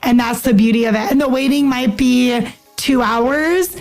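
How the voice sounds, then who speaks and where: A woman's voice: fairly high pitch, normal speed, gravelly, darkish tone, faint music behind. A woman, a pastor, talking earnestly and casually as a podcast guest, with lots of filler words. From United States. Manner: earnest and chatty, many fillers, acts out quoted speech. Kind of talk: casual interview talk.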